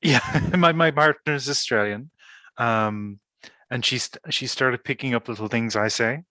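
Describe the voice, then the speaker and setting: A man's voice: medium pitch, unhurried, pushed and bright, dry recording. A man from Ireland, hosting a casual interview and talking thoughtfully with frequent hesitant restarts. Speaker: podcast host. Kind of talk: casual conversation.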